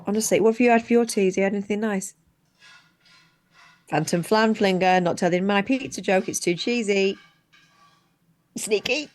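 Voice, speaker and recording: Brief: female co-host, casual banter, quick teasing comebacks. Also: medium pitch, darkish tone. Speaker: co-host of a late-night live stream show. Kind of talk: casual chat.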